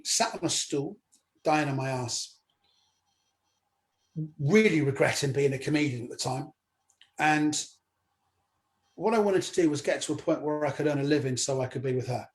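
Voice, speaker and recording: Lively man telling stories. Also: fairly high pitch. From Cornwall, England. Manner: animated storyteller, acting out quoted voices. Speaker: guest comedian. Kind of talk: conversational anecdote.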